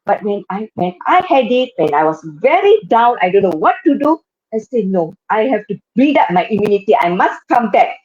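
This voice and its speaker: A woman's voice: mid-range voice, sing-song, moderate pace, darkish tone, muffled recording. A woman in her fifties with a Malaysian English accent, a guest telling her personal story earnestly, often repeating phrases for emphasis. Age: 50s. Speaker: guest, cancer survivor and occupational therapist. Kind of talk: personal storytelling on a live web show.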